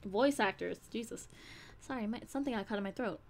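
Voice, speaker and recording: A woman's voice: fairly high pitch, brisk, darkish tone. A young woman talking on a live stream, in a candid, rambling way with casual swearing. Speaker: streamer and audio creator.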